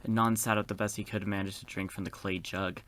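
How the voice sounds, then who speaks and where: Man hosting a game playthrough: very low voice, reads the story aloud with sassy, campy asides. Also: flat delivery, fast, fairly bright tone, a little hiss or hum. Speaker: gaming video host. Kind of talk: reading a visual novel aloud with commentary.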